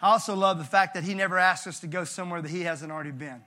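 A male pastor preaching with a high, bright voice. His delivery is conversational and animated, with casual asides to the congregation. The tone stays forceful and clear throughout. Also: racing. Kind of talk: sermon.

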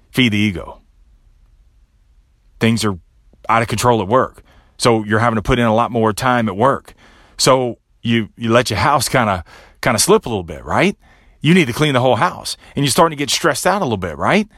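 A man hosting a podcast, giving a motivational monologue with a pep-talk delivery that drops low and quiet on each repeated refrain. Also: no echo, clean studio sound. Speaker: podcast host.

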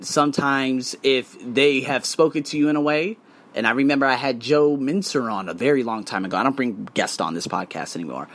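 A man hosting his own podcast, ranting bluntly and profanely with loud emphatic bursts and quieter asides. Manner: hype, swinging between loud and low asides. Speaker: podcast host. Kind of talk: solo podcast rant.

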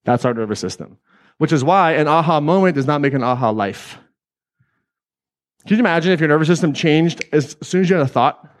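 Energetic man, slightly high-pitched, live seminar talk, jokey and profane. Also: fairly quick. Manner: energetic, joking, swears freely. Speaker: speaker at a live self-help event. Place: event hall with audience.

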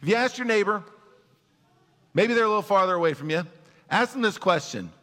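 A man's voice: high voice, sharp tone. A male pastor preaching a conversational sermon, asking his congregation questions and acting out their worries. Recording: long hall reverb.

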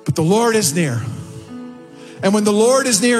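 Male pastor, impassioned sermon delivery, high voice, faint music under. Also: expressive, moderate pace. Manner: impassioned preaching, rising in pitch on quotes and prayers. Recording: long hall reverb with faint music behind. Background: soft music.

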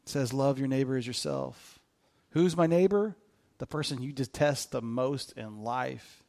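A man's voice: medium pitch, unhurried, mellow. A middle-aged man preaching a casual sermon as pastor, joking with the congregation and acting out quoted lines. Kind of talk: conversational sermon.

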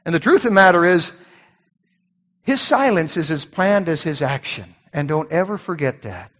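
A man preaching a sermon as a pastor, animated, repeating words and acting out voices. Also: fairly high pitch, moderate pace, big-room sound.

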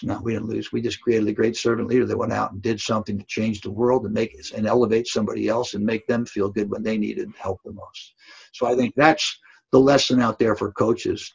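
A man's voice: medium pitch, gravelly, a little mellow, slightly rough. An older man, a basketball coach, telling a story in an interview, earnest and emphatic, often asking "right?". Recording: dull lo-fi audio.

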